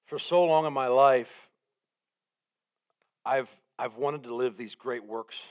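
A man gives a sermon as guest preacher, telling his story in an animated way and acting out what went through his head. He builds his points with repeated phrases that rise in emphasis. His voice sits at an ordinary middle pitch for a man. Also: slow pace. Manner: animated storytelling, acts out his own panic and quotes.

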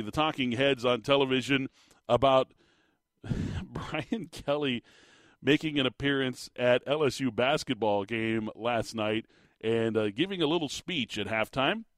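A sports talk radio host offers his views in a relaxed, conversational style, dropping in frequent fillers. His medium-pitched voice has a fairly bright tone, captured dry on a studio microphone in a radio studio.

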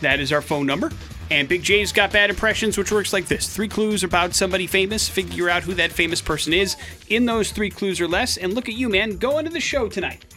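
A man on morning radio with a high, bright voice, tossing out headlines in easy, jokey studio chatter. Faint music sits under his voice. He keeps the talk loose and playful. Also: fairly quick. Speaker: radio morning show co-host. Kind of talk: casual radio chat and news headlines. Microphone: studio microphone.

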